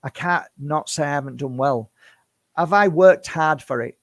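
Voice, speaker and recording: A man's voice: fairly high pitch, moderate pace, no echo, clean studio sound. A man in his fifties, a spiritual healer, speaking to camera in an impassioned, defensive monologue full of rhetorical questions. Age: 50s.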